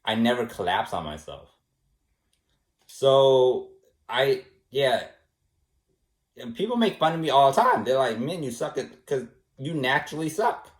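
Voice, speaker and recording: A man's voice: mid-range voice, big pitch swings, a little slow, pauses often. Rambling man in an echoey room. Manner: rambling, repetitive, shrugging off, soft dismissive retorts. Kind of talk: casual personal monologue. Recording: roomy echo.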